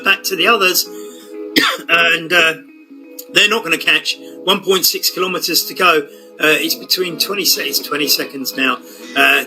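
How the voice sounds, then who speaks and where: A man giving live commentary on an online cycling race, excitable and full of fillers. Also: sits high, low-quality recording. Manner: excitable, building to shouts at the finish, many fillers.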